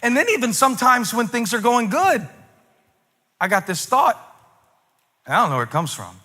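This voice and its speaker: A man preaching a conversational sermon as a pastor, chatty and self-deprecating, building to shouted emphasis. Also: very high voice, sing-song, moderate pace.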